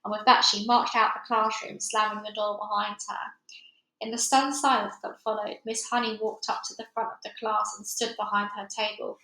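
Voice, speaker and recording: A woman reading a children's book aloud in an expressive storytelling way, in an echoey room. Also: mid-range voice, moderate pace.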